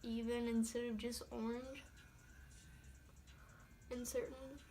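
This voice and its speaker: Soft background music plays as a young beauty vlogger works through a makeup tutorial on her phone camera. Her fairly high voice is warm but flat and slow, and she chats to herself casually in a light put-on country accent, adding mild exclamations.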